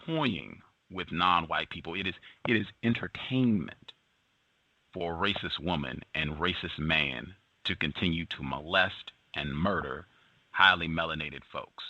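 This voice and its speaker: Male talk host, low and sharp-edged voice, halting and emphatic, dull lo-fi recording. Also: no echo. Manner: halting, with frequent fillers and emphatic repetition. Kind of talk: commentary on the news. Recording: dull lo-fi sound.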